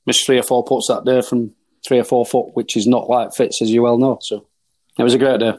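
A man's voice: medium pitch, flat delivery, fairly quick, darkish tone. A middle-aged man spins a yarn in casual conversation as a podcast guest. He is blunt and swears freely, and he acts out both sides of the exchanges as he tells them. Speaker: professional golf caddie, podcast guest. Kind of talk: casual storytelling.

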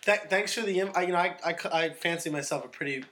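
A man co-hosting a sports podcast, joking around, his sentences often trailing off softly. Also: on the high side, quick pace. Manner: joking, trails off into soft mumbles. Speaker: podcast co-host. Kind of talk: casual sports podcast chat.

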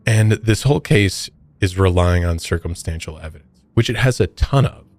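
A man's voice: deep voice, moderate pace. A man co-hosting a true crime podcast, casually recounting a case in a storytelling way. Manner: relaxed, recounts history in a storytelling way. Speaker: podcast co-host.

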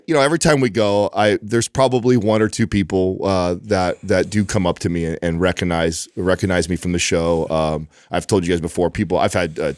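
A man co-hosting a podcast, telling a lively, profane anecdote in casual chat. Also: low voice, smooth, no echo, studio quality. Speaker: podcast co-host.

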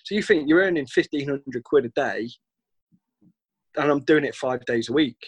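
Speaking at normal speed in a slightly rough, medium-pitched voice, a British man spins rambling stories as a guest in a relaxed chat. He often acts out lines others said to him, and there's no room sound.

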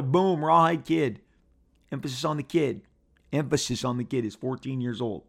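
A man's voice: mid-range voice, lively intonation, normal speed, vocal fry, slightly rough. A man reviewing comic books in a playful, rambling casual chat with frequent restarts.

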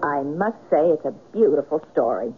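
A woman's voice: low voice, animated, moderate pace, faint music behind. An actress playing a curious, insistent woman in a 1970s radio drama. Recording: narrow phone-like old radio broadcast.

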